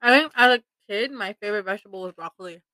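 A young Toronto woman co-hosts a casual podcast, laughing often, snacking while she talks, and swearing offhandedly. Her medium-pitched voice is bright and forceful, and she speaks very fast; the audio is poor with no room sound.

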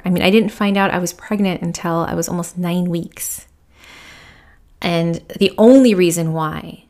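A woman's voice: lowish voice, gravelly. A woman in her thirties, a podcast host and spiritual medium, telling a personal story in a candid, reflective way with many fillers. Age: 30s.

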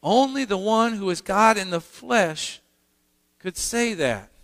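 A man's voice: sits high, expressive, slow, a bit bright. A male pastor preaching a sermon, earnest and emphatic, often restarting his phrases. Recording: long hall reverb in a sanctuary.

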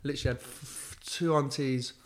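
A man, a guest telling stories in a friendly, relaxed way. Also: mid-range voice, brisk. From West London, England. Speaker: guest, former footballer. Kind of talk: casual chat interview.

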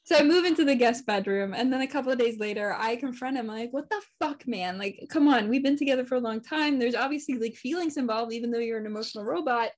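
A young woman co-hosting a podcast, telling a story in casual chat, animated, swearing and laughing often. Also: a little high, fast talker, hardly any pauses. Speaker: podcast co-host.

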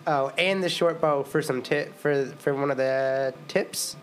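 A man's voice: mid-range voice, a little slow, faint music behind. A young man playing a tabletop game, eager and stammering as he talks. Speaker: player.

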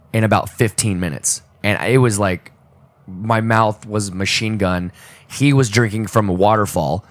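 A man on a podcast telling a deeply personal story in a halting, emotional way, often restarting his sentences and choking up. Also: no echo. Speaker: podcast co-host. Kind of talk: personal storytelling in casual talk.

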